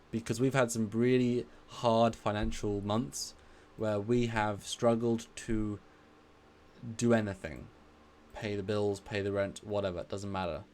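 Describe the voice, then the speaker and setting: Brief: male stream host, lowish voice, warm thanks, rambling and repetitive. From England. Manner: rambling, effusive, repeats himself. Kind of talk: casual live stream chat.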